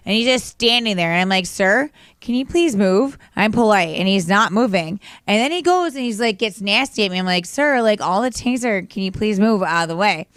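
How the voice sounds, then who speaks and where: A woman's voice: mid-range voice, fairly bright tone, clear, resonant tone, no room sound, studio quality. A woman co-hosting a casual talk radio show, telling stories in a chatty way with lots of "like".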